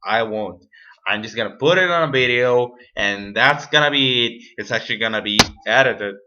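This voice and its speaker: A man's voice: medium pitch, normal speed, pushed and bright, muffled recording. A man vlogging an unscripted rant to camera, profane, rambling and exasperated. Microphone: camera mic.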